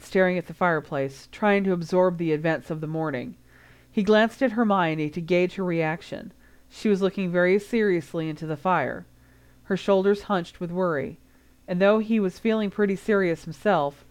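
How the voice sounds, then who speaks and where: Woman, audiobook narration, lowish pitch, steady, unhurried. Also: smooth. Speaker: audiobook reader. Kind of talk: reading fan fiction aloud.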